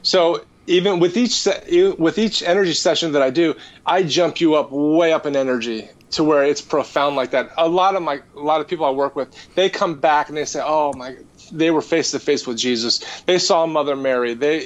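A man with a fairly high voice tells his story in an earnest, animated way, restarting his sentences as he goes. The recording sounds dull and lo-fi. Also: normal speed. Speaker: energy healer guest. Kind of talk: casual storytelling.

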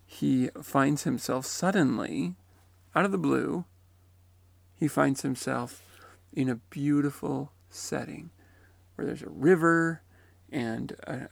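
A man's voice: fairly high pitch, slow pace, creaky, no echo. A man retelling and reflecting on someone's near-death account in a musing, tentative way. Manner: musing and tentative, often unsure. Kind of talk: reflective spoken commentary.

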